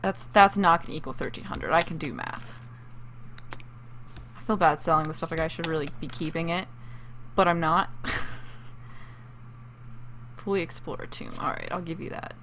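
A woman's voice: sits low, moderate pace, pauses often, a bit bright, slight background noise. A woman casually commentating her life-simulation gameplay, chatting to viewers and breaking into fits of laughter. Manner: chatty, giggly, talks to viewers. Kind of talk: casual let's-play commentary.

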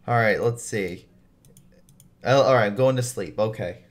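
A man's voice: fairly low pitch, a little slow. A man giving let's-play commentary, reading game text aloud and blurting out exasperated reactions. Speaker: gaming YouTuber.

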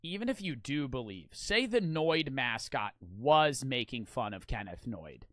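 A man's voice: medium pitch, very animated, a little slow, a bit bright, dry recording. A young man streaming, telling a story casually, rambling and swearing a lot.

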